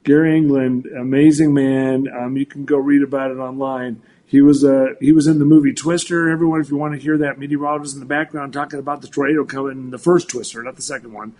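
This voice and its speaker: A meteorologist in his sixties, appearing as a guest on a talk show, chats casually in a mid-range voice. He talks quickly with hardly any pauses, animated and full of restarts and repeats.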